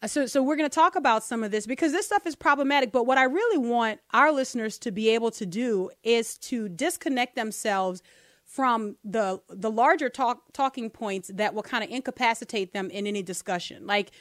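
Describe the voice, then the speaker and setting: A woman hosting a podcast, talking through political commentary in an animated, rhetorical way. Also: a little high, brisk, dry recording, clean studio sound. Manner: animated, rhetorical, asks listeners to bear with her. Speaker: podcast host.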